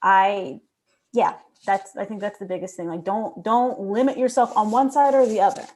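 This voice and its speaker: A woman's voice: medium pitch, fairly even intonation, moderate pace, darkish tone. A woman on a panel discussion, speaking in an emphatic, encouraging way.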